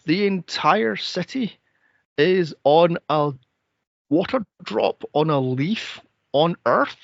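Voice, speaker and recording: A man's voice: a little high, animated, takes it slowly, gravelly, no echo, muffled recording. A man co-hosting a movie podcast, chatting casually, swearing and mocking the film with silly impressions of its characters. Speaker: podcast co-host. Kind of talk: casual movie review chat.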